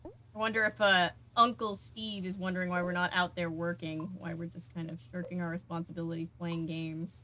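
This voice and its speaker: A woman's voice: on the low side, little pitch movement, a little fast, sharp tone, a little hiss or hum. A young woman chatting casually to her viewers while she plays a video game, talking back to the game as she goes. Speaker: game streamer. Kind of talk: casual gameplay commentary.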